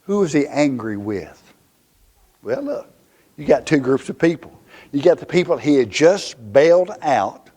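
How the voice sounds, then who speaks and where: A male pastor with a Southern US accent preaching a fiery, emphatic sermon in a church, swinging from loud to hushed. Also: fairly high pitch, big pitch swings, a little slow.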